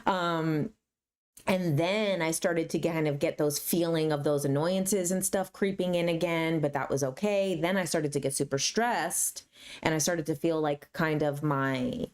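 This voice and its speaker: Low-voiced woman telling stories. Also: a little slow. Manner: animated, acts out her mom's voice mid-story. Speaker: YouTuber. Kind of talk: casual storytelling to camera.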